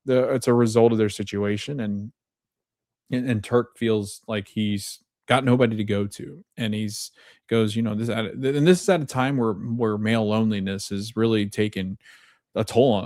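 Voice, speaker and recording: A man's voice: lowish voice, darkish tone, dry recording, studio quality. A man hosting a podcast, casually recapping and reacting to a TV episode in a rambling way, full of fillers and loosely retold quotes. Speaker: podcast host.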